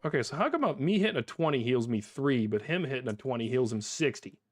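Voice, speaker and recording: A man's voice: mid-range voice, very animated, fast, no room sound, studio quality. A man streaming a video game, chatting with viewers as he plays, now and then laughing in mock frustration. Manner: chatty, talks to chat, bursts of laughing frustration. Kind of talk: live gameplay commentary.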